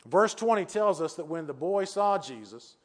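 Earnest older preacher with a higher voice. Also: male voice, expressive, moderate pace. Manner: earnest, repetitive, rhetorical questions. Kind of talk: sermon.

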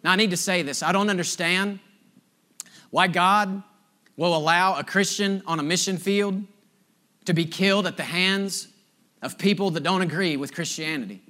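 A middle-aged male pastor delivers a sermon in a high, bright voice. He tells stories from the pulpit, moving between emphatic lines and hushed, drawn-out points. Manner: storytelling, swings from emphatic to hushed and slow.

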